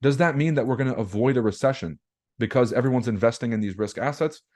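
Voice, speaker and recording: A man's voice: mid-range voice, fast talker, darkish tone. Blunt, slangy man. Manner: blunt, slangy, profane, rhetorical questions to the audience. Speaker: trading webinar host. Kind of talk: casual livestream market commentary.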